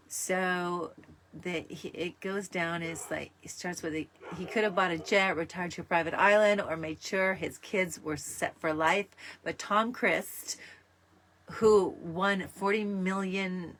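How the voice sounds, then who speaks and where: A woman's voice: fairly low pitch, fairly bright tone. A woman raised in Canada hosting a talk show, talking in a chatty, rambling way with frequent fillers. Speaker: host. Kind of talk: casual talk show monologue.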